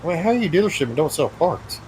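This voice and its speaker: A man's voice: fairly high pitch, sing-song, quick pace, crowd noise, low-quality recording. A man hosting a gaming stream, chatting casually with friends, blunt and swearing freely as he argues. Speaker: streamer, host.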